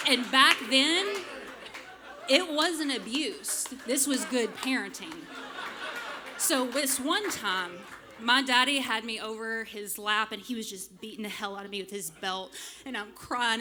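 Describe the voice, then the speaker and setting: A woman, telling a humorous personal story live on a club stage into a microphone, lively and self-mocking with frank swearing. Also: medium pitch, slight background noise. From small town in Arkansas, US. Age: late 30s. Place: stage of a small music club. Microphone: stage microphone fed straight from the soundboard.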